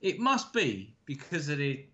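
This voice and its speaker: A man's voice: fairly high pitch, big pitch swings, measured pace, bright, forceful tone, dull audio. A man co-hosting a casual chat over beers, telling stories in a laid-back way and swearing freely. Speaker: co-host.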